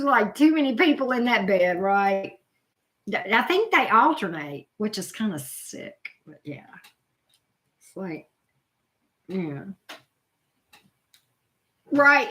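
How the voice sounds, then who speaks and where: A chatty middle-aged channel host reads her live chat aloud, reacting to viewers' names and exclaiming again and again. Her voice is fairly high-pitched and a little bright.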